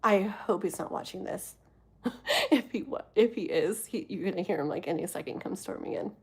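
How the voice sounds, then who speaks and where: A woman in her thirties from the US West Coast, chatting casually on a live stream as a tarot reader, giggling often and easily sidetracked, sometimes dropping to a hushed voice. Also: medium pitch, moderate pace, creaky, breathy edge. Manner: drops to a hushed voice at times. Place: home with thin walls.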